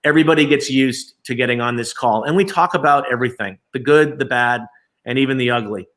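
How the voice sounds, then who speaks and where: A man's voice: mid-range voice, fast talker, a bit bright. A man, an agency chief executive, talking in a live remote interview with lots of fillers and restarts. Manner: conversational, many fillers and restarts.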